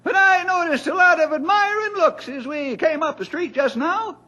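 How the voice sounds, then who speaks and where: An actor playing a feisty, bow-legged old male forest ranger who talks in a folksy, boastful, excitable way, in 1950s radio drama style. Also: extremely high pitch, normal speed. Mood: indignant. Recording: dull lo-fi old radio recording.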